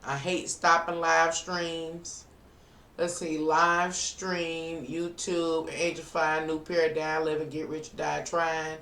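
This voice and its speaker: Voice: mid-range voice, monotone, takes it slowly, bright, forceful tone. A live streamer and tarot reader in a casual live-stream chat, thinking aloud to viewers while working on a computer. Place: indoors at a computer. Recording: roomy, distant mic with faint music.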